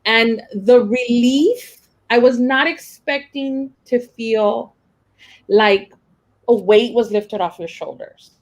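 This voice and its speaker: A woman's voice: fairly high pitch, takes it slowly, rough recording. A young adult woman teacher, telling a personal story in a rambling, emotional way with many fillers and restarts. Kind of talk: casual personal account.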